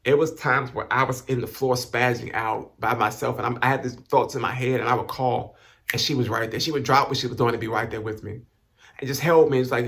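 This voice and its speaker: A man speaking to camera in a halting, emotional way, repeating and restarting words as he holds back tears. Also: medium pitch, steady tone, gravelly, a bit bright. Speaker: vlogger giving thanks. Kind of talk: emotional personal talk to camera.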